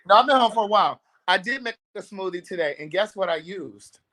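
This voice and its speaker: Bright-voiced chatty man from Baltimore. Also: high-pitched, a little fast. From Baltimore, USA. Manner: animated, chatty, laughs often. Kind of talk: casual chat.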